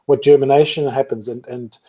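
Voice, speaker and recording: Male host interviewer, warm dark husky voice, deliberate and searching phrasing. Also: mid-range voice, steady tone. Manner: measured, builds up a point with restarts. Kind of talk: interviewer's casual chat.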